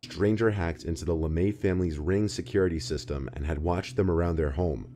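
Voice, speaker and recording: A man in scripted narration, telling horror stories in a measured, ominous way. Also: sits low, fairly even intonation, warm tone.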